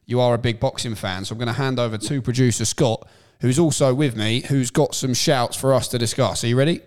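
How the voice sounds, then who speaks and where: A man's voice: mid-range voice, clear, resonant tone. A man hosting a casual chat interview, laughing along with his guest. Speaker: host.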